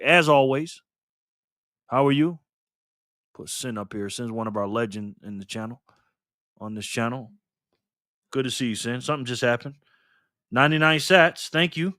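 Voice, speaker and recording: A man's voice: fairly high pitch, a bit bright, dry recording, studio quality. An older man hosting a livestream alone at his desk, upbeat as he greets viewers by name and thanks them for donations. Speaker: livestream host. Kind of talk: casual livestream chat, reading donations. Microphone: desk mic facing a camera.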